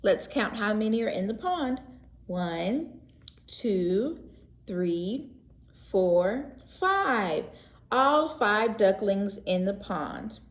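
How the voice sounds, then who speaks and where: Gentle slow-reading preschool teacher. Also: female voice, mid-range voice. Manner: gentle, expressive, asks children questions. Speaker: pre-K teacher. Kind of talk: read-aloud story lesson for young children. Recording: echoey room.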